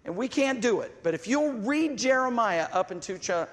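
High-pitched preacher man in an echoey church. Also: expressive, normal speed. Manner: impassioned preaching, reads scripture aloud, acts out quoted voices. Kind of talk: sermon.

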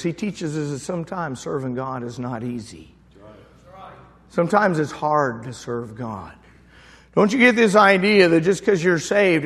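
A male pastor telling a story in a sermon, animated, with big swings from soft to loud, recorded in a church. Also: fairly high pitch. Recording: echoey church hall reverb.

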